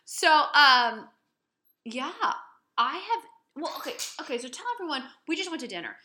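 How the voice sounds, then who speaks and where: A woman's voice: high voice, expressive, moderate pace, bright, forceful tone, roomy sound. A woman in her thirties co-hosting a casual chat, telling stories expressively and reacting with gasps. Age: 30s. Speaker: podcast co-host.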